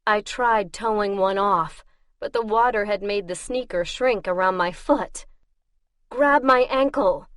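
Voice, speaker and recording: Slow, measured woman audiobook narrator. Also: medium pitch, no room sound, studio quality. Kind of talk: first-person audiobook narration.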